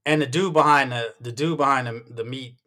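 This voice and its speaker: A man co-hosting a casual sports chat, animated and stammering, with many restarts, acting out what others said. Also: medium pitch, a little fast. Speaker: podcast co-host.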